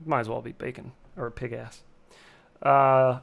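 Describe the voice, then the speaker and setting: A man's voice: medium pitch, level tone, unhurried, creaky, phone-quality sound. A man casually chatting on a live stream, rambling and joking as he reacts to chat. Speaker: streamer hosting a drone flight sim stream.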